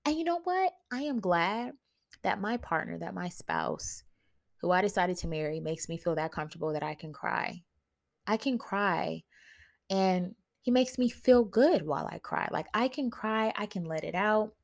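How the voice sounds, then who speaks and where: A woman's voice: mid-range voice, expressive, moderate pace, gravelly. A woman hosting her own podcast in casual solo talk, candid and playful, speaking straight to her listeners. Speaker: podcast host.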